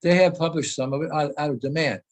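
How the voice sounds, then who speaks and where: A fast-talking older man with a fairly high voice speaks as a guest on a video call, earnest and emphatic as he meanders through his thoughts with many restarts. The audio quality is poor.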